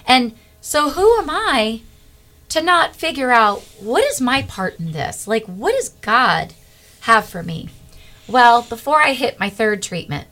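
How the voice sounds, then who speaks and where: A middle-aged woman, a guest, telling a personal faith testimony in an earnest, animated way. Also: on the high side, measured pace.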